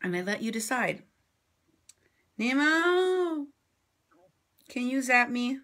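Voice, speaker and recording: A woman journalist giving impassioned commentary in response to viewer comments, assertive and sarcastic, swinging between loud outbursts and low asides. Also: very animated, takes it slowly. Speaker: independent journalist and vlogger.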